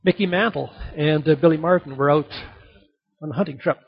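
A man's voice: a little high, brisk, creaky, breathy edge. A man preaching a sermon, telling a story and repeating key points for emphasis, in a dull lo-fi recording. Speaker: pastor.

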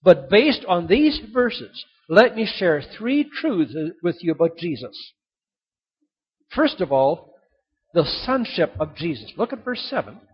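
An older man preaching a sermon, telling stories dramatically with sudden swings between loud and soft. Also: high-pitched, big pitch swings, slow pace, slightly rough. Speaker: pastor. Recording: dull lo-fi sound.

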